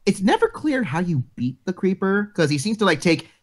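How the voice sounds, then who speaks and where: A man with a slightly higher voice whose pitch swings in a lively way. He chats casually, putting in questions and quick jokes. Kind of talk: casual chat.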